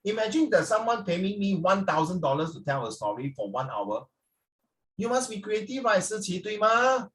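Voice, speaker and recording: A high-voiced man teaches a class at a moderate pace, coaching in a lively, teasing way and repeatedly switching into Mandarin phrases. He sounds somewhat distant from the microphone.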